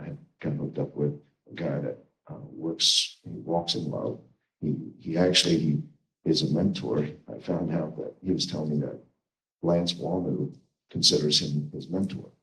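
A man's voice: a bass voice, a bit bright, echoey room, poor audio. A man from the congregation giving a hesitant spoken testimony, often restarting his sentences. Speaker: congregation member sharing testimony.

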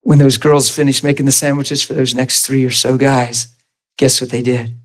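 A man preaching a sermon, an animated storyteller who laughs often and swings his voice up high in acted-out quotes. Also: moderate pace.

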